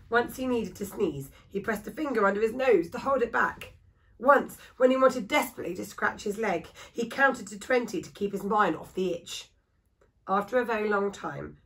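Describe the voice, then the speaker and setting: Female reader, storybook read-aloud for children, steady and expressive. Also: mid-range voice, normal speed, poor audio. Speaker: school staff reader.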